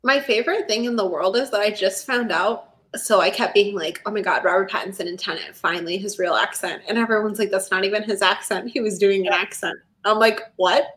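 A woman's voice: mid-range voice, brisk, hardly any pauses, fairly bright tone. A young woman co-hosting a podcast in casual chat, talkative and sarcastic, often giggling. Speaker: podcast co-host.

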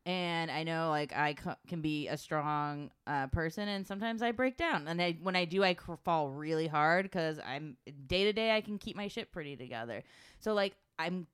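A woman on a podcast in casual, animated chat, swearing and laughing often. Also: low voice, normal speed, smooth, no echo, studio quality.

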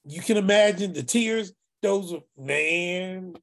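A man on a video call telling an emotional story to friends, animated and acting out bits of dialogue. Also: high-pitched, slow, gravelly. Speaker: group call participant, former youth worker. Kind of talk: heartfelt storytelling among friends.

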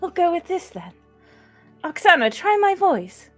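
A woman playing a tabletop game, bubbly and animated, laughing often with her friends. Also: very high-pitched, measured pace, soft background music. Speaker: player. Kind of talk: casual game table chat.

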